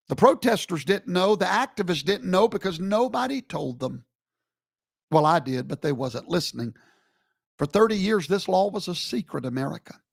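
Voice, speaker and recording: A man's voice: sits high, gravelly, breathy edge, dry recording, studio quality. A man giving a live streamed commentary in an emphatic, preacherly way, scolding with rhetorical questions.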